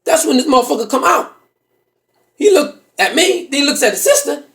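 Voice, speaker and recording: A man doing stand-up relates a profane comic story, impersonating its characters with animated energy. He speaks fairly quickly in an extremely high pitch.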